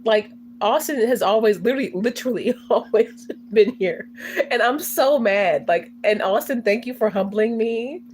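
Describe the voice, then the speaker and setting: A young woman chatting casually on a livestream, swearing, slangy, and breaking into loud laughing fits. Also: fairly high pitch, moderate pace, a little hiss or hum. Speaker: livestreamer reacting to chat.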